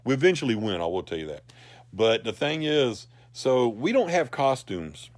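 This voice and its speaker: A man, animated and rambling as he tells a personal story to a group. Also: medium pitch, normal speed, dry recording. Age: 40s. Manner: rambling, animated, laughs through his lines.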